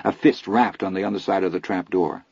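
A man reading a first-person novel aloud in a steady, reflective storytelling manner, in a dull lo-fi recording. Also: deep voice, brisk, vocal fry, breathy edge, no echo. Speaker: audiobook narrator. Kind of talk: first-person literary narration.

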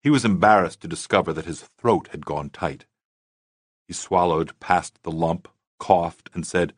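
A man narrating a novel as an audiobook in a measured, even way. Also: low-pitched, breathy edge, no room sound, studio quality. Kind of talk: scripted narration.

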